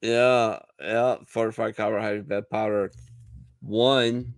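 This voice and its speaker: A man with a low voice hosts a casual podcast, joking and swearing freely as he banters. The sound is dry and close, with no room echo. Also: level tone, takes it slowly. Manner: profane, loose, joking. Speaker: podcast host.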